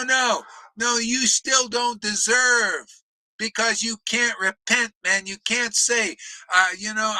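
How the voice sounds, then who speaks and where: A man delivers a fierce, profane spiritual rant, lurching between shouts and mocking asides. His voice sits high and cuts with a hard, piercing edge. The sound is close and dry, with no room around it. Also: no echo, poor audio. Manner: profane, confrontational, often shouting; mocks others in put-on voices. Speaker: spiritual teacher. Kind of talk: impassioned preaching rant.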